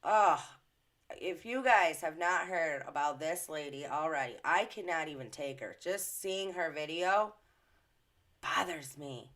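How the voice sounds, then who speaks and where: A woman's voice: low voice, lively intonation, measured pace, a bit bright. Blunt, indignant woman ranting. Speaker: commentary vlogger. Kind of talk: reaction commentary.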